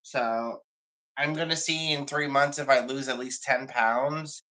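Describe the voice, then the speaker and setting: A man's voice: medium pitch, steady tone, a little slow, sharp tone, poor audio. A man chatting casually on a livestream, rambling and confiding in an emotional way.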